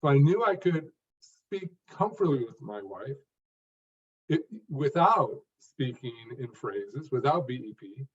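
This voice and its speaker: A man answering interview questions in a measured, earnest way, speaking phrase by phrase with pauses. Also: medium pitch, sing-song, breathy edge. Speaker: guest, stuttering coach. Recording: distant, dull lo-fi audio.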